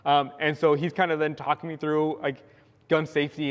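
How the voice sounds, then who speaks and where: A young man from California preaching a sermon, telling a story with lively acted-out quotes. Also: a little high, fairly quick, muffled recording. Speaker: pastor. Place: church sanctuary. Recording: long church hall reverb.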